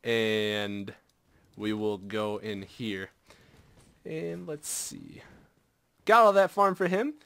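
A young man giving casual live commentary over his own game, excitable and self-mocking, dropping to mutters and jumping to yelps. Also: fairly low pitch, takes it slowly, creaky, pauses often, no room sound. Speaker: gameplay commentator.

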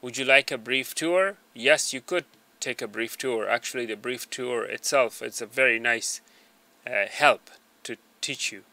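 Male tutorial voice-over, hesitant with many fillers, bright mid-pitched tone, small desk mic. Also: a little slow, dry recording. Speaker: tutorial narrator. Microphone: small desk microphone.

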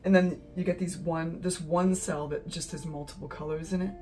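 A woman's voice: low voice, fairly even intonation, moderate pace, dark tone, faint music behind, poor audio. A woman hosting an art channel, talking casually to her viewers, emotional and teary, gushing and laughing often. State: teary, sniffly. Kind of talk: casual vlog talk to camera.

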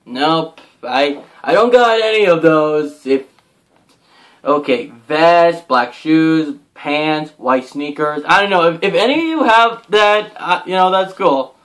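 Excitable young guy unboxing. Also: fairly high pitch, takes it slowly. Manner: excitable, gushing, lots of "like" and "oh my gosh". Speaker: unboxing vlogger. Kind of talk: casual unboxing commentary.

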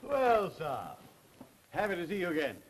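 An actor playing a dismissive police commissioner with a brusque manner, in a 1930s film. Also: male voice, high-pitched, sing-song, normal speed, a little hiss or hum, poor audio. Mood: jovial.

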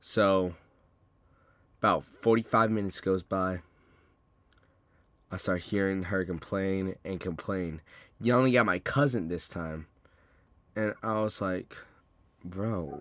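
A young man telling a rambling storytime vlog, swearing freely and getting loud and heated as he retells an argument. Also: low-pitched, slow pace, pauses often, no room sound. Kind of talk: casual storytime monologue.

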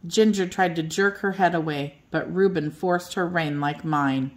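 An older woman reads a children's bedtime story aloud. Her voice sits a little low, and her reading is gentle and expressive. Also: measured pace.

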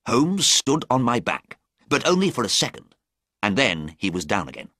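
Brief: male storybook narrator, bright tone, very lively pitch, dry close sound. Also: moderate pace, no room sound. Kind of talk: slow storybook narration for English learners.

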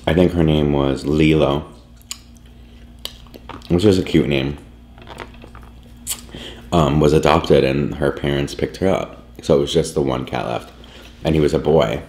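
A man's voice: a bass voice, a little mellow, slight background noise. A man vlogger rambling through a casual story at home, full of "like" and fillers. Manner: rambling, filler-heavy, lots of "like". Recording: echoey room.

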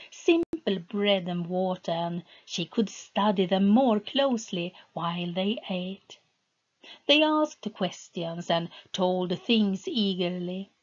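A woman narrates a fantasy novel in a measured storytelling voice. Her pace is very slow and unhurried. The recording sounds a little dull and muffled. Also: mid-range voice. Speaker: audiobook reader. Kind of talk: scripted narration.

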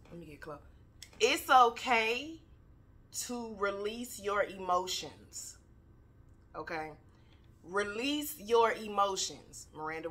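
A woman's voice: medium pitch, sharp tone. A young woman giving a candid, casual motivational talk, swearing freely and preaching with energy. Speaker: motivational vlogger.

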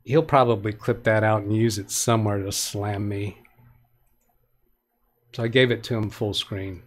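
Hosting a live tech help stream, this man speaks in a lowish voice with little pitch movement and a measured pace. His reading of viewer comments rambles, full of self-corrections and restarts, but the advice he offers is plain and practical.

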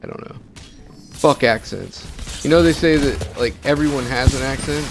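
A man's voice: mid-range voice, moderate pace, music in the background. A man with a Northeastern American accent, chatting casually and profanely over game voice chat, rambling from thought to thought. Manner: rambling, profane, thinks aloud. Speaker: gamer streaming with friends.

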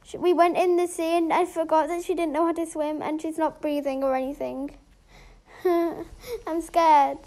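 Woman, game role-play story, high voice, slow, emotional, dramatic. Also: fairly even intonation, mellow. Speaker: storyteller and main character.

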